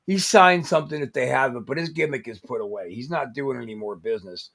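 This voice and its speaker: A man with an average-pitched voice tells a story in an easygoing, profane way. He drops into quoted lines now and then, keeping a relaxed co-host tone. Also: fast talker, gravelly. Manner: laid-back, profane, acts out quotes. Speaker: podcast co-host. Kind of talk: casual storytelling chat.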